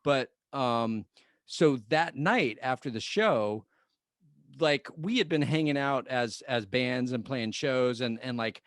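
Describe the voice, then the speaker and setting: Animated middle-aged man telling a band story. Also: mid-range voice, slow, no echo, clean studio sound. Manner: animated, repeats words, laughs often. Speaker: podcast co-host, band member. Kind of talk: casual storytelling chat.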